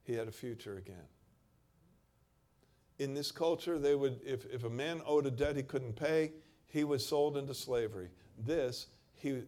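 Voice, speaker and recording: A man delivers a sermon, reading scripture with dramatic flair and shifting from loud passages to quiet, emphatic moments. His pitch sits in the middle range.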